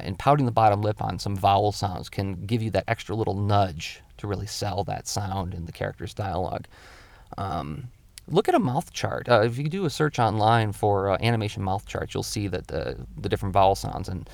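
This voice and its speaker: A man's voice: lowish voice, creaky, a little mellow, no room sound. A male comic illustrator giving a casual spoken drawing tutorial, explaining his tips step by step in a thoughtful way.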